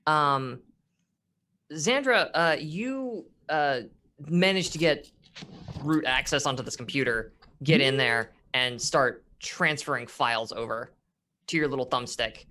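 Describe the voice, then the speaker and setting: A man running a tabletop game as game master, in a middle-pitched voice. He narrates loosely, full of fillers and restarts, and laughs often between lines. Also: expressive, unhurried, sharp tone.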